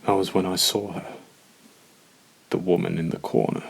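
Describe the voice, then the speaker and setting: A man narrating a first-person horror story in a slow, measured, scripted way. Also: deep voice, flat delivery, gravelly, breathy edge.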